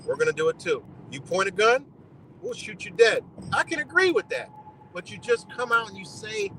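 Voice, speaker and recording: A man's voice: sits high, big pitch swings, normal speed, bright, forceful tone, slight background noise, rough recording. A man on a live stream giving blunt, profane commentary, lecturing his audience in a loose, heated rant.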